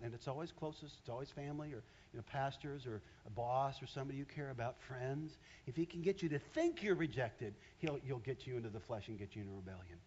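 A man's voice: medium pitch, breathy edge, highs cut off. A man preaching a sermon in a church, talking straight to his congregation and drawing them in. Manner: animated, talks straight to the congregation.

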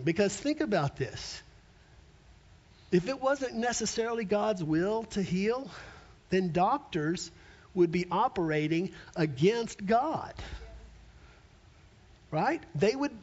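High-pitched guy preaching, lots of dramatic pauses, goes real quiet sometimes, kinda muffled recording. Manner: emphatic, dramatic pauses, drops to near whisper. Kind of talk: sermon.

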